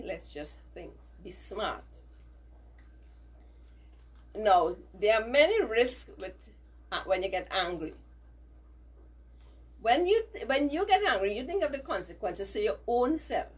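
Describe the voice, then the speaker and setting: A woman teacher talks children through a values lesson with a slightly husky, breathy tone. Her pitch swings widely as she stresses key phrases. She speaks slowly and often checks in with her young listeners. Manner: slow, emphatic, asks children to repeat after her; frequent checking "right?".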